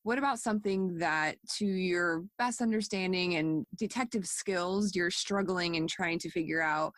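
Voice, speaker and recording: A woman's voice: on the low side, normal speed, no room sound, clean studio sound. A woman hosting a podcast, asking an interview question in a thoughtful, slightly hesitant way. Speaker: podcast host.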